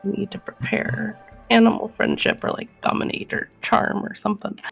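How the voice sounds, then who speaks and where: A woman's voice: mid-range voice, level tone, normal speed, gravelly, breathy edge, soft background music. A woman playing a tabletop game, talking tentatively and thinking aloud. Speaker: player.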